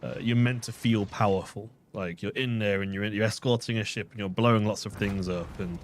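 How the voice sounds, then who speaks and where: Male co-host, slightly low voice, playful gaming banter. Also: brisk, slight background noise. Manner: joking, teasing, relaxed. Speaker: co-host on the stream. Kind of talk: casual banter while playing.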